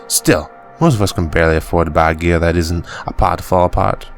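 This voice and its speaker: A man's voice: low voice, steady tone, fairly quick, soft background music. A man reading out a weary, working-class miner father who grumbles and swears about the company but is tender with his son, in a put-on accent. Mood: bitter.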